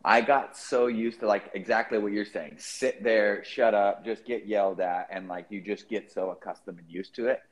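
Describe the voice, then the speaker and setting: A man's voice: lowish voice, fairly even intonation, moderate pace, hardly any pauses, poor audio. A man co-hosting a podcast, telling a laid-back, profane anecdote in casual chat. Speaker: podcast co-host. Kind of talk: casual storytelling.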